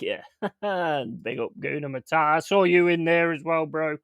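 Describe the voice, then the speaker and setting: A man's voice: on the high side, unhurried, fairly bright tone, no echo. Male streamer, blunt and sweary, casual rant, dry close sound. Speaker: streamer host. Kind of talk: casual livestream chat. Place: home.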